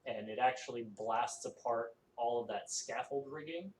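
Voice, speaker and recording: A man narrating a tabletop game as game master, halting and full of fillers. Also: mid-range voice, a little mellow. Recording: echoey room, faint noise.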